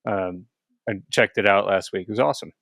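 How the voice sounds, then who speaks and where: A man's voice: lowish voice, fairly quick, vocal fry, a bit bright, no echo, clean studio sound. Laid-back male co-host. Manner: laid-back, laughs easily. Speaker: podcast co-host. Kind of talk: casual podcast chat.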